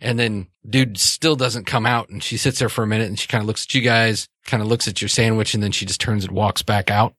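A man's voice: lowish voice, steady tone, fairly quick, few pauses, fairly bright tone, no echo, studio quality. A man narrating as game master of a tabletop role-playing game, rambling with many fillers and restarts.

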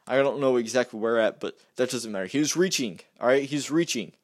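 A man's voice: mid-range voice, fairly quick. A man delivering a heated, exasperated rant to camera, often repeating himself and restarting his sentences. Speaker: vlogger. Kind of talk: heated ranting monologue.

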